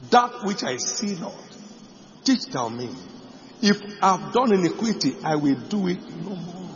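A middle-aged male pastor preaching a sermon boldly, with bursts of shouting and laughter. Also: a little high, a little hiss or hum. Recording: dull echoey hall recording.

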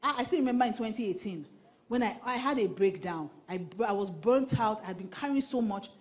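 A woman pastor with a Nigerian accent, preaching a sermon in an animated, repetitive style that slips into pidgin. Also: medium pitch, fairly quick. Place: church.

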